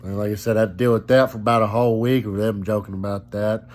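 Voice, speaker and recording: A man's voice: on the low side, fairly even intonation, fast, darkish tone. A young man telling a rambling, profane story about being sick, recorded at home while he is still coughing a little. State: still coughing after illness. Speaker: vlogger. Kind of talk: casual storytelling vlog. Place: at home on his sofa.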